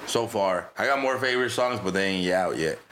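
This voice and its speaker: A man's voice: low voice, lively intonation, brisk, fairly bright tone. A young man co-hosting a casual chat with laid-back, mumbled, profane banter. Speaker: musician co-host. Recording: faint background noise.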